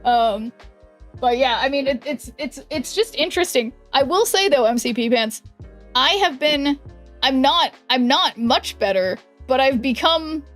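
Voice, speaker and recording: Chatty young woman streamer, higher voice. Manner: chatty and rambling, many fillers and self-corrections. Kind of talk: casual chat while gaming, reading chat aloud.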